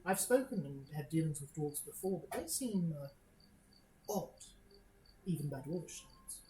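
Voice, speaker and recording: A woman's voice: deep voice, expressive, a little slow, warm tone, echoey room, a little hiss or hum, low-quality recording. A woman voicing a sly, gossipy noblewoman who talks with false politeness and confiding asides.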